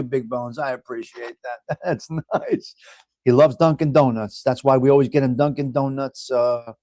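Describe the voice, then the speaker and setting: New York guy hosting a morning show, talkative and rambling, a bit high-pitched, dry close sound. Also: darkish tone, dry recording. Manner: rambling, repetitive and chatty, often addresses viewers by name. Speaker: host. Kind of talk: casual morning chat reading a horoscope and viewer comments.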